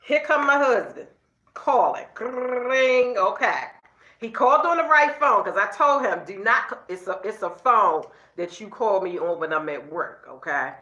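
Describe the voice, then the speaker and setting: A woman's voice: medium pitch, lively intonation, normal speed, bright, forceful tone. A middle-aged woman, telling a story to her viewers in a chatty, casual way and tagging her sentences with okay. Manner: chatty, addresses viewers as girl and y'all, frequent okay tags. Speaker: vlogger talking to her viewers. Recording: echoey room, slightly dull sound.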